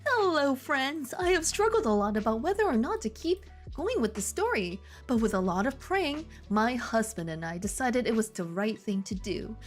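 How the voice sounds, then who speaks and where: A woman putting on the voice of a pious mother reading her own author's note, sweet, slow and earnest. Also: fairly high pitch.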